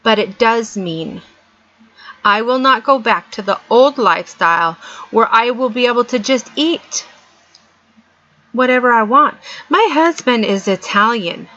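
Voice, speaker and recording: A woman's voice: on the high side, lively intonation, a little slow, pushed and bright. A middle-aged woman vlogger giving an earnest, emphatic motivational talk, repeating her points for stress. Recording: dull lo-fi sound.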